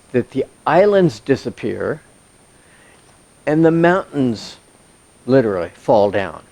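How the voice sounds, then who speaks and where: A man's voice: mid-range voice, gravelly, a little mellow. A man teaching through a Bible passage, reading verses aloud and explaining them in a plain, conversational way with asides to his listeners.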